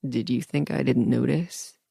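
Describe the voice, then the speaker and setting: A woman voicing a low, domineering male lover. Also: fairly even intonation, a little slow, vocal fry, mellow, slightly rough, no echo, studio quality, heavily acted. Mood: dominant. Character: commanding dominant adult man, lover.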